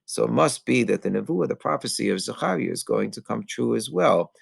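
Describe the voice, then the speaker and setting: A man, a rabbi, giving an earnest teaching sermon, pausing often with fillers and mixing in Hebrew terms. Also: medium pitch, lively intonation, vocal fry, slightly rough, dry recording. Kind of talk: Tisha B'Av sermon.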